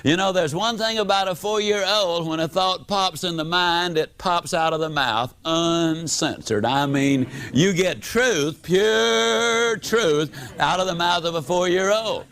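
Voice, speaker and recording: Higher-voiced man telling a story. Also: unhurried, few pauses. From United States. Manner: animated, dramatic swings in pitch and loudness. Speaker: motivational speaker. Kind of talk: storytelling seminar speech.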